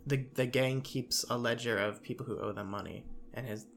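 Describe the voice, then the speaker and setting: A man's voice: medium pitch, fairly even intonation, normal speed, creaky, fairly bright tone. A man co-hosting a casual movie-review podcast, dry and joking. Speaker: podcast co-host.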